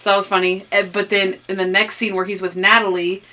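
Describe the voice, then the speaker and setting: A young woman co-hosts a casual podcast, with a voice that sits in the middle of her range. She recaps a TV episode in an animated way and slips into quick put-on voices for the characters. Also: medium pitch. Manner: animated, acts out characters' lines in quoted voices. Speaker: podcast co-host.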